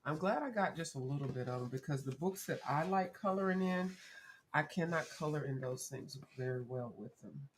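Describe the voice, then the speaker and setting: A woman's voice: sits low, animated, moderate pace, slight background noise. A woman chatting casually and rambling as she colors on a livestream, correcting herself as she goes. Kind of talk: casual chat while coloring.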